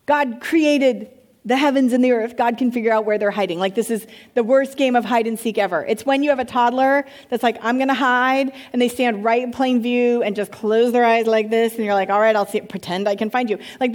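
A woman's voice: fairly high pitch, a little mellow. A woman pastor giving a sermon, reading scripture and breaking into conversational, playful asides.

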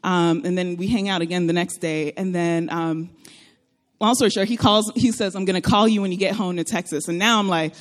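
A young woman telling a personal story in a casual, animated way, laughing often and acting out what people said. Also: lowish voice, a little fast. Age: young adult. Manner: animated, laughing often, acts out quoted voices.

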